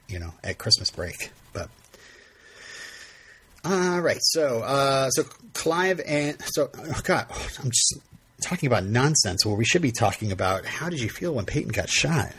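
A man's voice: medium pitch, lively intonation, normal speed, fairly bright tone, breathy edge. A man hosting a podcast, retelling a TV episode in casual chat, rambling with frequent laughs and restarts. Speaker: podcast host.

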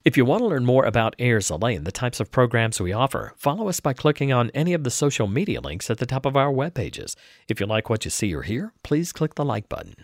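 A man reading a first-person essay aloud as a podcast reader, in a measured, expressive delivery. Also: medium pitch, no echo, clean studio sound.

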